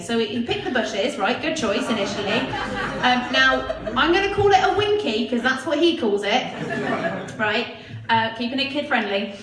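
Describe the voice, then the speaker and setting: A woman's voice: on the high side, lively intonation, normal speed, distant mic. A woman in her twenties doing a chatty, self-mocking stand-up comedy set on a club stage, often asking the crowd "right?". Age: 20s. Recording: echoey club mic heard from afar, audience noise. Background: audience laughter.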